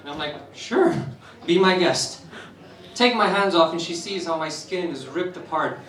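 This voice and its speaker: A young man from Romania telling a personal story at an open mic, animated and laughing through the funny parts. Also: fairly high pitch, brisk. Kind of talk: spoken-word storytelling. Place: live stage in a roomy venue. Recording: echoey room, voice from some distance.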